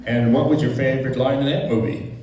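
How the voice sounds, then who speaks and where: A man's voice: mid-range voice, fairly even intonation, fast, warm tone. A man acting as the straight-man interviewer in a stage comedy sketch, asking questions with hesitant fillers. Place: stage with a live audience. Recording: echoey hall, distant mic, audience noise.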